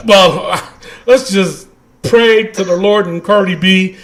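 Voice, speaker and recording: A man co-hosting a casual podcast, animated and quick to vent, laughing often as he talks. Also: sits high. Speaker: podcast co-host. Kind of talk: casual chat.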